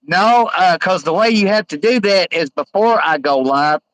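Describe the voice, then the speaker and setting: A man hosting a casual live stream, rambling with many halting fillers as he reads out viewer comments. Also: high-pitched, lively intonation, a bit bright, dry recording, poor audio.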